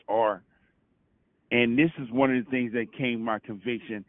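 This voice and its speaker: Calling in from Brooklyn, a man gives a casual testimony in a steady, medium-pitched voice at normal speed, repeatedly restarting with stammers and adding "you know what I'm saying." The phone line sounds dry and tinny, without echo.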